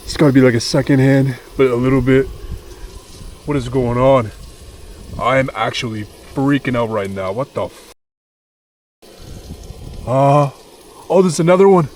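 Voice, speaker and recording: A young man casually vlogging from a wilderness campsite, talking with loose slang and swearing, easily excited. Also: mid-range voice, measured pace, pauses often, slight background noise. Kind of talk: casual camping vlog.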